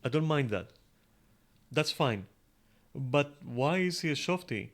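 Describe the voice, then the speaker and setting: A man's voice: mid-range voice, lively intonation, slow pace, a bit bright. A man streaming a game, thinking aloud in loose, rambling talk full of fillers and casual swearing. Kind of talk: casual gameplay commentary.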